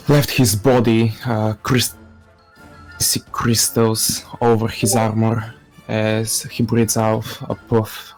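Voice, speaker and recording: A man playing in a tabletop game, describing his character's actions in a slow, pausing way. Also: on the low side, darkish tone, low-quality recording. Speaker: player.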